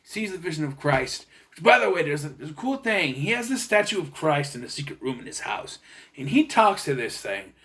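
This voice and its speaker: A man's voice: a little high, very animated, fairly quick, bright, forceful tone. A young man giving a casual, rambling movie review, often restarting and correcting himself. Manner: rambling, unsure, lots of restarts and self-corrections. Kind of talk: casual spoken film review.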